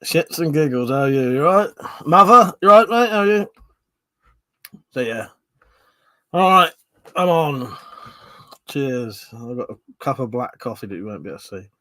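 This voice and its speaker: A man's voice: mid-range voice, lively intonation, moderate pace, pauses often, sharp tone, no echo. A man with a Southern English accent hosting a casual live stream, swearing freely, bantering and reading out viewer comments. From Southern England.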